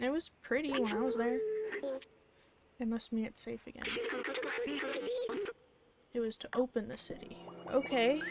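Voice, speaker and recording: A young woman casually chatting and swearing through live game commentary at home, stopping to coo at her pet. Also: on the high side. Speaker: streamer. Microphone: desk microphone. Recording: loud background noise.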